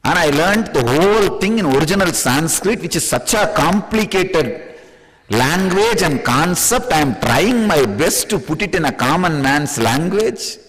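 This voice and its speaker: An Indian-accented man teaching a spiritual discourse in a high voice that swoops up and down as he talks. He teases his listeners with rhetorical questions and laughs often. His voice trails off into a long hall reverb. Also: expressive, unhurried, a bit bright.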